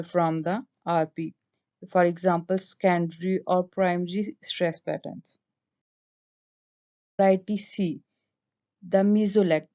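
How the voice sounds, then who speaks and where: A woman with a Pakistani English accent giving a slide-based lecture, explaining each point with halting restarts. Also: on the low side, warm tone.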